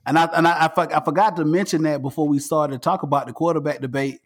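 A man hosting a casual sports podcast, animated and ranting, repeating himself. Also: fairly high pitch, fast. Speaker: podcast host.

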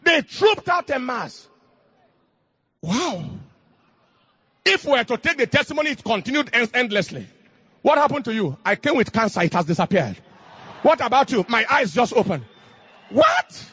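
Fervent, husky high-voiced male preacher. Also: sing-song, normal speed, long pauses. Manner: fervent, shouting bursts, King James cadence. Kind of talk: sermon.

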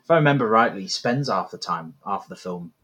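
Man, low husky voice, measured and wry. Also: animated, a bit bright. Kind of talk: casual chat.

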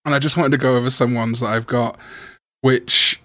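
A man's voice: medium pitch, steady tone, normal speed, pushed and bright, no echo, clean studio sound. A man with a Welsh accent, hosting a casual podcast chat and joking with his guests. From Wales. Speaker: podcast host.

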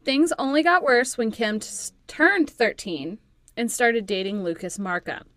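A woman's voice: fairly high pitch, unhurried, a bit bright. A woman co-hosting a podcast, reading a true crime story with teasing, profane banter and frequent laughs. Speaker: podcast co-host.

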